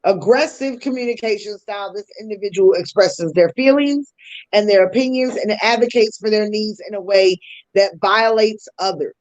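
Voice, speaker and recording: A woman's voice: mid-range voice, moderate pace, a little mellow, dull audio. A woman hosting a podcast, explaining communication styles in a teaching tone with casual slang asides. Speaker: podcast host.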